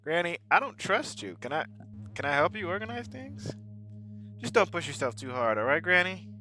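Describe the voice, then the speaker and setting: Loud, animated young man gaming. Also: on the high side, moderate pace. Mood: suspicious. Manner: loud, animated, joking, slangy. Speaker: gaming channel host. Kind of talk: gameplay commentary.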